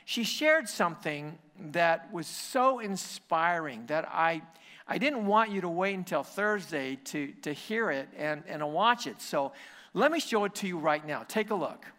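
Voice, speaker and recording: A male pastor with a bright, forceful tone and a voice pitched a little high for a man. He prays and preaches conversationally, often restarting his phrases. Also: lively intonation, measured pace. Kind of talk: sermon.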